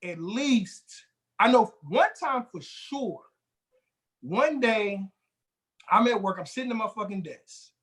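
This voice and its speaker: A man co-hosting a casual podcast, telling work stories in a loose, profane, animated way with frequent restarts. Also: high-pitched, slow, long pauses. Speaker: podcast co-host. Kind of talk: casual chat, storytelling.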